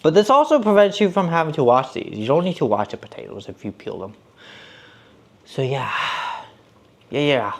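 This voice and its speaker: A man's voice: on the high side, big pitch swings, normal speed. A man hosting a casual cooking live stream from his home kitchen, rambling as he peels and chats with viewers. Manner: rambling, chatty, talks to chat and a cat.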